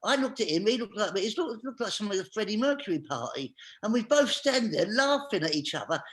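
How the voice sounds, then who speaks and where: A man's voice: high-pitched, animated, fast talker, fairly bright tone. A man, a guest on a chat show, telling a comic anecdote and acting out each scene with animation.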